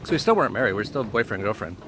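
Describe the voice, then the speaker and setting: A man casually telling a personal story, emotional and halting, often laughing softly and filling pauses with "like" and "uh.". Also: lowish voice, big pitch swings, slight background noise. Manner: emotional and halting, laughs softly between phrases, many fillers. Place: home in Mexico.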